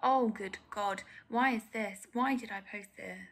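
A woman's voice: mid-range voice, a little slow, a bit bright. A young woman giving candid, self-critical reaction commentary as a vlogger, often dropping to a near whisper.

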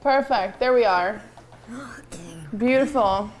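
A woman co-hosting a livestream in a room at home, talking loudly and casually, swearing and laughing often. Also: a little high, takes it slowly, a little hiss or hum. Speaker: co-host of a livestream. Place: indoor home room with a fireplace.

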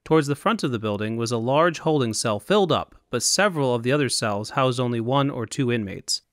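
A man reading scripted fantasy narration in a measured, even storytelling manner. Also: medium pitch, no echo, clean studio sound. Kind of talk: audiobook narration.

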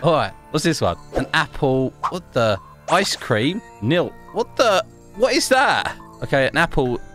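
Gaming commentator, man, upbeat and talkative, slightly high voice, faint game music behind. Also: measured pace. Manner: chatty, excitable, exclaims and laughs often. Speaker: gaming YouTuber. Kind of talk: casual gameplay commentary.

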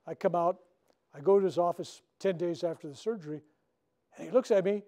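A man's voice: sits high, fairly quick, mellow. An older man who is a minister, leading a workshop for a live group in a chatty storytelling way, often checking in with "right?". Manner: conversational storytelling with frequent "right?" tags. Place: spiritual center meeting room.

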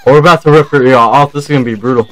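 A man's voice: medium pitch, rapid-fire, very noisy. A man streaming a co-op game, making dry, mumbled asides in casual commentary.

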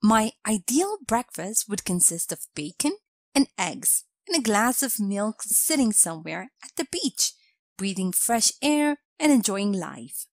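A woman narrating a scripted grammar lesson with a slow, clear instructional delivery. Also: medium pitch, big pitch swings, a little mellow, no echo. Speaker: English teacher.

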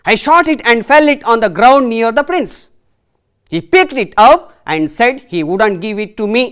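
A woman's voice: fairly high pitch, sing-song, moderate pace, a bit bright, clear, resonant tone, pitched above the performer's own voice. A woman reading the part of a young prince who is demanding his swan back and pleading for justice. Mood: insistent pleading.

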